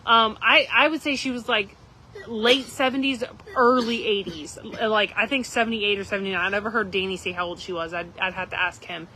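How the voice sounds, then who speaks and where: A woman's voice: medium pitch, fairly even intonation, fairly quick, sharp tone, rough recording. A woman, casually telling a rambling story to live viewers outdoors at a campground. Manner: rambling, chatty, frequent "like" and "literally". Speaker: livestream host.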